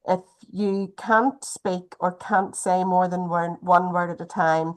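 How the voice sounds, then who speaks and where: A woman giving a gentle, chatty health talk over a video call. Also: lowish voice. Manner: gentle, chatty, uses wee often.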